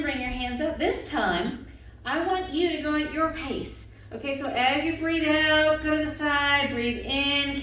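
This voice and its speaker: A woman with a high voice leads children through a yoga routine, cheerful and encouraging as she asks how they feel. She stands back from the microphone, and her words ring through a strongly echoing room. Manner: cheerful, encouraging, coaxing questions to kids. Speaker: kids' yoga instructor. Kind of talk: guided yoga instruction for children. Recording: very echoey room, far from mic.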